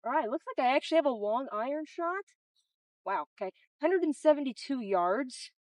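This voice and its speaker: A woman's voice: high-pitched, animated, moderate pace, a little mellow, no room sound, rough recording. A young woman talking her way through a round of golf, chatty and coaching herself over each shot. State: out of breath from running between shots. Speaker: golf vlogger. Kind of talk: casual self-narrated golf vlog. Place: outdoor golf course at dusk.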